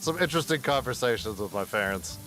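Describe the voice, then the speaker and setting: A male game streamer chatting casually with his viewers, his stories rambling and heavy on swearing. His voice sits in a middle pitch range. Faint music plays under his talk. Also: animated, fast talker, a bit bright. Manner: rambling, profane storytelling with bursts of laughter.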